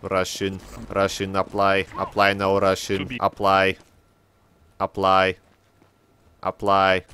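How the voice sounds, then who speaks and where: A man's voice: sits low, monotone, takes it slowly, bright, forceful tone, slight background noise, voice pushed down, full character voice. A man voicing a servile male robot bot teammate with old microchips, talking in stiff broken English and doting on his master. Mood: stiff, fawning. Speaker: gaming video maker. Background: background music.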